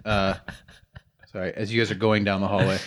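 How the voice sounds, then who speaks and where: Low-voiced man running a tabletop game. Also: little pitch movement. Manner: halting, full of fillers and restarts. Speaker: game master.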